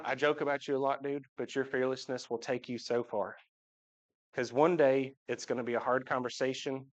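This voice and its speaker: A man, giving a heartfelt, joking personal talk to his church congregation. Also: mid-range voice. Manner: joking storyteller, voice jumps up when imitating. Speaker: church member speaking to the congregation. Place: church sanctuary.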